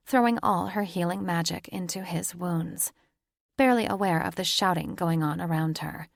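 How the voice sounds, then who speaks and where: Gravelly woman narrating an audiobook. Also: on the low side, normal speed, no echo, studio quality. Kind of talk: scripted narration.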